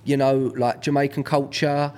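A man's voice: mid-range voice, level tone, normal speed, a little mellow. A man, hosting a casual podcast chat, talking in a rambling way with lots of fillers and restarts. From England. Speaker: podcast host.

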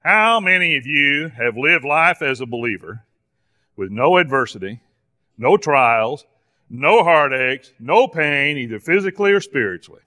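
A man's voice: on the high side, lively intonation, unhurried, bright, forceful tone. A man teaching a Bible class at church in a folksy, teasing way, recorded in the church hall. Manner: folksy, playful sarcasm with the class.

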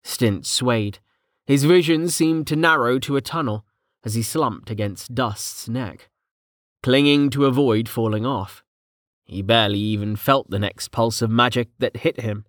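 A man's voice: medium pitch, unhurried, dry recording, clean studio sound. Man narrating a fantasy audiobook. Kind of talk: scripted narration.

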